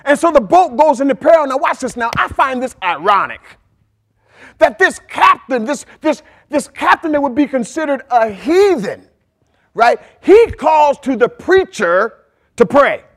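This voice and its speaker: High-voiced man preaching a lively sermon. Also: a little slow. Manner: animated storytelling with sudden shouted outbursts; conversational, with frequent "right?" asides to the congregation. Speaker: pastor.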